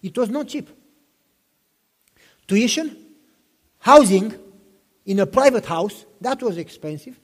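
Slow and animated, with long pauses, this fifties-aged pastor delivers a sermon in a high-pitched voice. He shares personal stories with passion, repeating himself and asking the listeners questions, while a hall's long reverb colors the sound.

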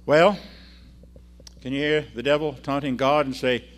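A man preaching a sermon and reading scripture aloud, swinging between loud emphasis and quiet drops. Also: medium pitch, animated, normal speed.

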